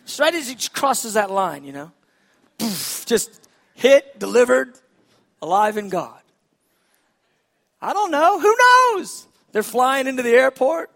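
Animated male pastor with a high voice, moving from loud to hushed. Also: measured pace, vocal fry, pauses often. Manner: animated, swings from shouting to hushed. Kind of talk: sermon.

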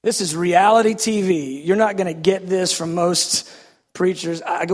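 A man preaching a sermon, telling a personal story in an animated, self-deprecating way. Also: sits high, normal speed. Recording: echoey hall reverb.

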